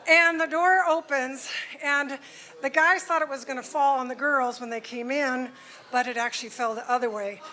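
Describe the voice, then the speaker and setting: A woman's voice: high voice, steady tone, moderate pace, pushed and bright. A woman who was a cheer coach, telling a funny story about the host to the guests at a party, laughing as she goes.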